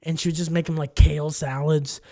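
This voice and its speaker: A man co-hosting a podcast in casual chat, an animated storyteller who laughs often and acts out what people said. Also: fairly high pitch, fairly quick, creaky. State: has an ear infection. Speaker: podcast co-host.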